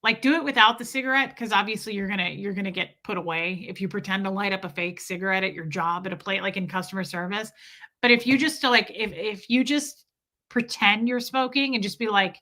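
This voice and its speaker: A woman's voice: medium pitch, a little fast, pushed and bright. A middle-aged woman hosting a casual live stream, chatty and laughing as she reads viewer comments aloud. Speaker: livestream host reading chat.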